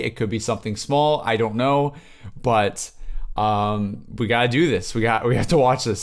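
A young man reacting live as a student vlogger, excitable and jittery, gushing and stumbling over his words at home. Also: mid-range voice. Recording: steady background hiss, noisy room.

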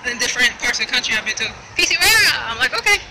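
A woman's voice: a little high, flat delivery, racing, pushed and bright, a faint crowd. A woman vlogging in a casual, upbeat way, often exclaiming as she tours a town at night. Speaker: travel vlogger. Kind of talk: casual vlog narration. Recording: noisy street background.

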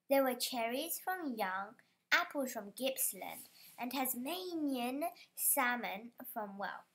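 Woman, children's book reading, unhurried pace, occasional stumbles. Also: a little high. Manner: careful, stumbles on some words. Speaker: storybook reader.

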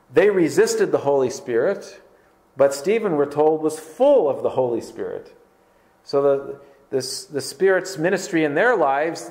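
With a fairly high pitch and darkish tone, this man from Canada preaches as a pastor, peppering his congregation with rhetorical questions. His delivery is emphatic and conversational, dotted with fillers.

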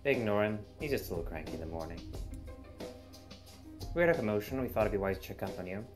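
A man voicing a calm, condescending Siamese cat woman in a fan reading of a visual novel. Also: fairly low pitch, fast talker, music in the background, lightly acted. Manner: teasing, smug, sarcastic.

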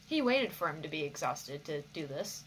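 A woman hosting an anime reaction, talking back to the screen in an expressive way and swearing freely. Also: low voice, normal speed, a little hiss or hum. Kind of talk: reaction commentary.

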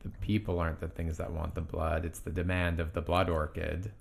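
Male podcast co-host, very deep and gravelly, easygoing brainstormer. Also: little pitch movement, brisk, crowd noise. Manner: easygoing, brainstorming with fillers like "like" and "right?". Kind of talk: casual tabletop game discussion.

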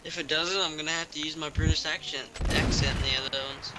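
A man's voice: a little high, steady tone, quick pace, very noisy. A man hosting a gameplay video, chatting casually and explaining the game's controls to his friends. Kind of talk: casual gaming chat. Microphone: handheld mic. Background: game music and gunfire.

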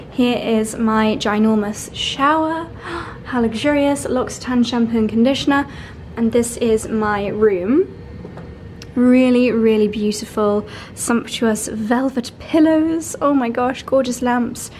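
A woman's voice: fairly high pitch, darkish tone, slight background noise. A woman, gushing with delight as she films a vlog tour of a luxury hotel room. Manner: gushing, breathless with delight, repeats exclamations. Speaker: fashion and lifestyle vlogger. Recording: music playing under the voice.

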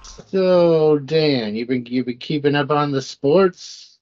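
Man, sarcastic podcast co-host, slightly high voice, dull lo-fi sound. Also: takes it slowly, a little mellow. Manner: wisecracking, sarcastic. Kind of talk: casual comedic banter. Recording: dull lo-fi audio, faint music.

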